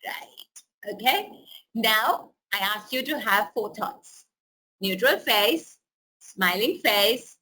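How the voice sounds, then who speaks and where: A woman with a bright, forceful, fairly high voice teaches a pregnancy webinar. She coaches listeners through labour breathing with calm, step-by-step instructions. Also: breathy edge. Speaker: prenatal educator. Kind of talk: webinar talk with guided breathing exercise.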